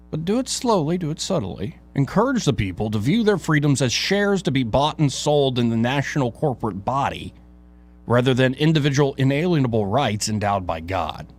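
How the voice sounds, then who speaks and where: Man, talk radio host, lively swinging pitch, emphatic rhetorical delivery, reads his op-ed. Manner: emphatic, rhetorical, dramatic pauses. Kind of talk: reading his own op-ed on air with asides.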